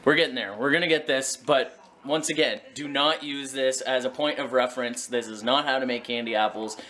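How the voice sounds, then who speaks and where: A man's voice: mid-range voice, steady tone, a little fast, pushed and bright. A man talking casually in a home vlog, chatty and self-mocking, with a kitchen around him. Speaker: vlogger.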